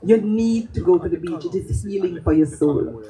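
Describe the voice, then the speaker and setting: A woman voicing an earnest female herbal healer, urging gently but insistently. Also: lowish voice, normal speed, a crowd in the background, close to an everyday voice, poor audio.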